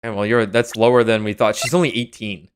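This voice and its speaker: A man's voice: lowish voice, steady tone, fairly quick, slight background noise. A young man streaming a courtroom game, chatting casually, joking and swearing with friends. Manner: rambling, joking, swears freely. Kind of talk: casual game let's-play commentary.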